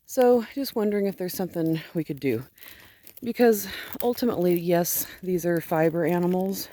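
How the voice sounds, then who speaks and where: A woman's voice: lowish voice, normal speed, mellow. A woman who raises sheep, chatting casually and affectionately as she walks outdoors on her farm, rambling a little with fillers. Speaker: fiber farm owner raising sheep. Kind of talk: casual vlog chat while walking.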